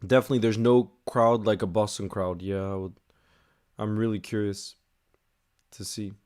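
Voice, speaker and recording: A young man chatting casually through a live football watch-along and answering viewer messages, bursting into excited shouts at big moments. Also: fairly low pitch, moderate pace. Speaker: football streamer reacting live.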